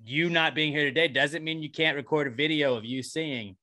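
A man's voice: a little high, brisk, sharp tone. A young man co-hosting a podcast, chatting loosely and jokily with lots of fillers. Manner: loose, rambling, jokey delivery with frequent fillers. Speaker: podcast co-host. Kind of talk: casual podcast banter.

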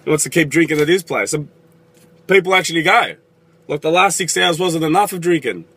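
Sweary Australian bloke, bright voice. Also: male voice, on the high side, expressive, fairly quick, husky. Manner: sweary, sarcastic. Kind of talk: comedic vlog monologue.

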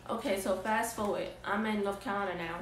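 A young woman in casual, slangy storytime vlog style, recounting events in an animated way. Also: medium pitch, fast, a little hiss or hum. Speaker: vlogger. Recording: roomy echo, distant mic.

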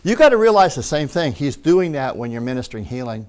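A man preaching a lively sermon, acting out quoted voices and laughing along the way. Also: mid-range voice, quick pace, clear, resonant tone.

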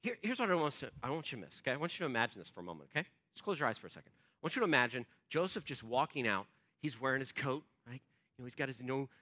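Brief: man preaching in church, high and bright voice, chatty storyteller who leans on fillers. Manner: conversational storytelling, acts out quotes, frequent fillers. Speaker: pastor. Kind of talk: sermon.

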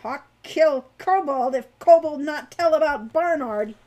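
A woman's voice: fairly high pitch, lively intonation, moderate pace, lo-fi sound. A woman reading aloud, voicing an irritable young male rogue who speaks bluntly. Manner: impatient, blunt.

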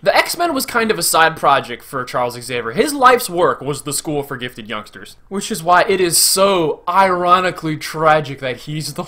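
A man giving an excited casual movie review, gushing and acting out scenes in little voices. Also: on the high side. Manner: animated, gushing, acts out quotes in voices.

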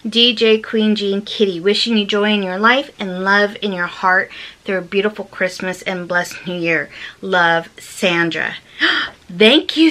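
A woman's voice: mid-range voice, sharp tone. A woman vlogger reading viewers' holiday cards aloud in casual chat, gushing and gasping with delight. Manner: gushing, gasps and exclaims often.

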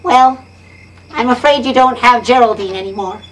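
A woman's voice: on the high side, moderate pace, natural voice. A woman voicing a cheerful, wide-eyed young alien exchange student in a children's video.

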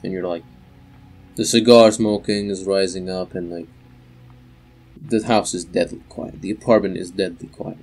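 A man's voice: deep voice, fairly even intonation, moderate pace, long pauses, darkish tone, faint music behind. A young man narrating as game master for a tabletop game, in a loose, rambling way with many fillers.

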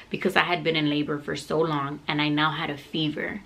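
Young woman vlogger, candid storytime, low-ish voice, swears. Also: a little fast, vocal fry, hardly any pauses. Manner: candid, animated, swears freely. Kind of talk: casual storytime.

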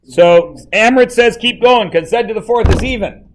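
A man's voice: high voice, normal speed, background noise. A male math teacher in a classroom, playfully quizzing his students and joking with them. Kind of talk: classroom lesson.

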